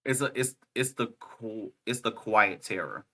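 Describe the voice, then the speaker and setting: A young man co-hosting a casual podcast chat, excitable and slangy, laughing often and saying "bruh" a lot. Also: lowish voice, unhurried. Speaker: podcast co-host.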